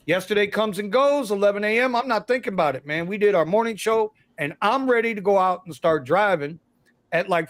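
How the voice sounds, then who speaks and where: A man's voice: high-pitched, dry recording. A man hosting a casual livestream chat, telling a story in a chatty, slangy way. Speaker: livestream host.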